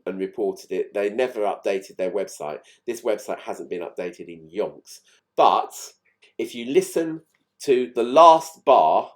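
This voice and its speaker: A man's voice: on the low side, darkish tone. A man chatting through fine recording details of old songs in a casual, enthused, explanatory way. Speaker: music channel host.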